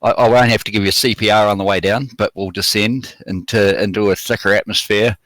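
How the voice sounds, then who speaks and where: Casting: calm male panelist, fairly low voice, dry close sound, patient explainer. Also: brisk, no room sound, poor audio. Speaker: debate panelist. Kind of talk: live online debate.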